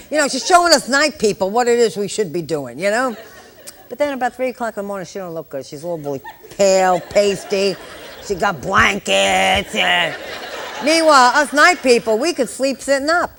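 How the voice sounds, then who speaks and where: An older woman in her sixties leads a live exam-prep lecture for nurses. She teaches with a steady stream of jokes and chatty asides to the class. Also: on the high side. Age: 60s. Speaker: nurse educator.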